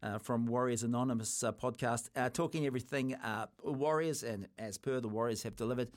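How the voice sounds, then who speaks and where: A man's voice: mid-range voice, a little fast. A man from New Zealand hosting a sports radio show, chatting casually and teasing his co-host.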